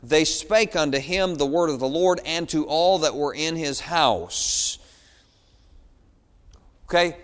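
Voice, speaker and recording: A man's voice: a little high, slow, pauses often, in a large hall. A man preaching a sermon as pastor, pleading and building in intensity. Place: church.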